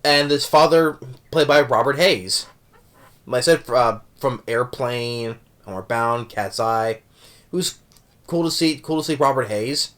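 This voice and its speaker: Casual male reviewer, mid-pitched, stop-start delivery full of restarts. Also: a bit bright. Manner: halting, many restarts and self-corrections; chuckles while recounting jokes. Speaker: movie reviewer.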